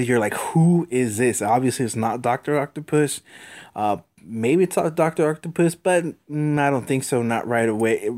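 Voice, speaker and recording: A man reading a comic book aloud in a relaxed, informal way. He talks in halting bursts, repeating words and restarting his sentences. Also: medium pitch. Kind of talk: casual comic read-aloud.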